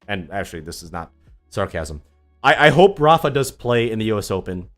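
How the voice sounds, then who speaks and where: His voice sits on the low side with a slightly bright quality. This young tennis YouTuber is streaming live, answering his viewers in a casual, sarcastic, rambling way packed with ums.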